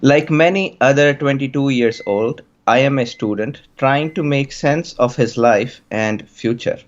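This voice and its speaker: A man's voice: medium pitch, lightly acted. A man putting on an Indian-accented young student. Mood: earnest. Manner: slow, deliberate reading of written answers. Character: young male student reading his own interview answers. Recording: dull lo-fi mic.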